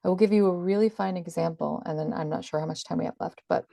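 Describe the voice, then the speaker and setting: A woman's voice: on the low side, fairly even intonation, quick pace, gravelly, dark tone, no room sound, clean studio sound. A woman talking as an interview guest, explaining things earnestly and with emphasis. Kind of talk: conversational explaining.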